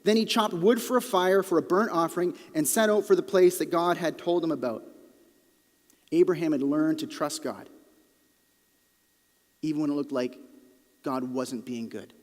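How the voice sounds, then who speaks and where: A male pastor preaching a sermon with earnest emphasis, sometimes dropping to a quiet, intense delivery. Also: on the high side, moderate pace, pauses often. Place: church auditorium. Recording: long reverb of a large hall.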